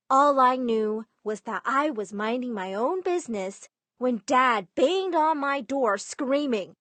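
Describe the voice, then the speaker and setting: A young woman narrating her own story in first person, lively and putting on voices for family members. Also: sits high, slow, dry recording.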